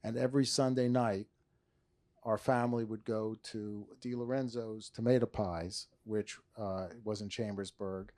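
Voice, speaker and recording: A man's voice: lowish voice, steady tone, unhurried, a little mellow. A middle-aged man from New Jersey, an author and former prosecutor, talking in a stage interview with many restarts and dry humor.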